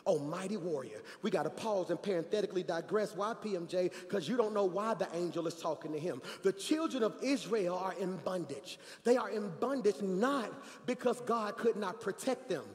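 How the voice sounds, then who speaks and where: High-voiced preaching pastor, man, echoing hall. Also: normal speed, hardly any pauses. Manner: animated, swings from quiet asides to shouting. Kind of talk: energetic sermon storytelling. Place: large church hall. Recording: reverberant church hall.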